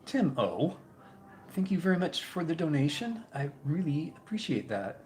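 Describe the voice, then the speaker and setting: A man hosting a casual live stream, reading viewer comments and chatting in a rambling, halting way, repeating his words. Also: on the high side, big pitch swings, darkish tone, a little hiss or hum. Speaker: YouTube channel host.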